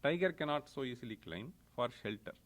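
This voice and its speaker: A man's voice: mid-range voice, animated, brisk. A middle-aged man giving a lecture as a professor, retelling stories with chuckles and explaining Sanskrit terms.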